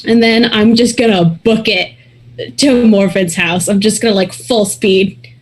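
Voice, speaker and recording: A woman's voice: mid-range voice, fairly even intonation. A woman playing a tabletop game, telling her character's actions in a bubbly, giggly way. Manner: bubbly, fast, giggly storytelling. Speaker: player.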